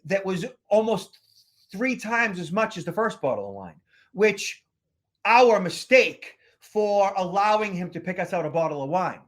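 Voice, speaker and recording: A man from the Boston area with a fairly high voice tells stories in a loose, rambling way. He keeps stopping to restart with "uh" and "you know" as he chats with his co-host. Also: big pitch swings, unhurried. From Boston area, United States. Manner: rambling anecdotal storyteller with many fillers and restarts. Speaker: podcast co-host, security expert. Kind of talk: casual chat.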